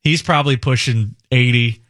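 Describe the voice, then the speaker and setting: A man's voice: medium pitch, normal speed, dry recording, studio quality. A man hosting a radio talk show, chatting casually and laughing at the clips he plays. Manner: amused, animated commentary.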